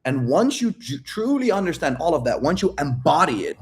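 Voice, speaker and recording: A man's voice: on the high side, sing-song, fairly quick. A man who works as a dating coach, talking brashly in a casual livestream Q&A. He swears freely and laughs often. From outside the United States.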